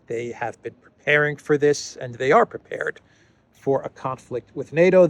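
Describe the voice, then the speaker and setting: A man talking through the news on his own channel, at an ordinary middle pitch for a man. He speaks conversationally, stopping on fillers and restarting his sentences. He repeats key phrases to drive his points home. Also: creaky, fairly bright tone. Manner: emphatic repetition of key phrases. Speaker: political commentary host. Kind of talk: solo news commentary.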